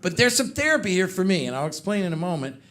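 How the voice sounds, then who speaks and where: A man doing a stand-up comedy set, telling animated stories and putting on voices for friends. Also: high voice, fast talker. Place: comedy club stage with live audience. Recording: loud live crowd laughter. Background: audience laughter.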